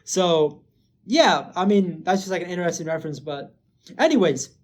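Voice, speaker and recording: A man's voice: high voice, normal speed. A man casually recapping a TV episode, rambling with lots of filler words and swearing. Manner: gets excited and loud when hyping. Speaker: show recap host.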